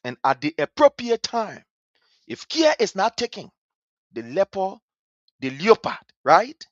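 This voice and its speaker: Here a Liberian man speaks in a high, very animated voice at a slightly slow pace, pouring scorn into political commentary and stressing his points through repetition. The recording is dry, with the dull quality of a lo-fi stream.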